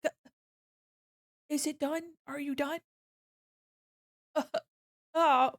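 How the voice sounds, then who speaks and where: Playful, laughing streamer woman, slow and dry. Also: high voice, steady tone, no room sound. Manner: playful, mock-offended, laughs often. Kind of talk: casual live-stream chat while drawing.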